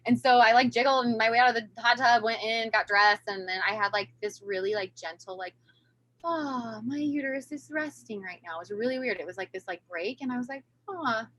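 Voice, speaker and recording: A woman in her thirties, a podcast guest telling a long story in casual chat, animated and acting out the voices of the people she quotes. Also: fairly high pitch, fast talker, few pauses, no echo.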